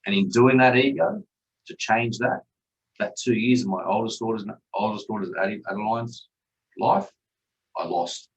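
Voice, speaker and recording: A man's voice: lowish voice, normal speed, recorded from a distance, poor audio. A man, a podcast guest telling his own story candidly and bluntly, swearing freely. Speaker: podcast guest, chef and father.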